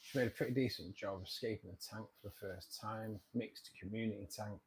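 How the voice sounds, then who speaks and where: A man's voice: on the low side, fairly even intonation, fairly quick. Chatty man hosting a fish stream. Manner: chatty, jokey, repeats himself. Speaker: livestream host reading viewer comments. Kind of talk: casual livestream chat.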